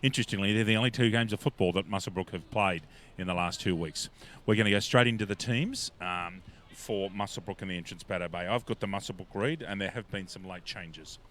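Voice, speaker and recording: A man's voice: sits low, fairly quick. A man with an Australian accent, a local football commentator, introducing teams and bantering with his co-host. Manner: warm, bantering announcer. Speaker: sports commentator. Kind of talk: live sports commentary. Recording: faint background noise.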